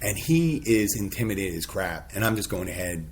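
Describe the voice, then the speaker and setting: This is a male podcast host in a relaxed conversation who rambles and makes fun of himself. He laughs easily between thoughts. The recording has a faint background noise. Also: deep voice, normal speed. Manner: rambling, self-deprecating, laughs often.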